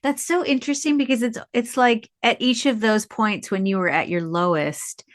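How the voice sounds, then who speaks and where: A woman's voice: fairly high pitch, normal speed. A woman from Milwaukee hosting a podcast, asking questions and affirming her guest in conversation. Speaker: podcast host. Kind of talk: interview conversation.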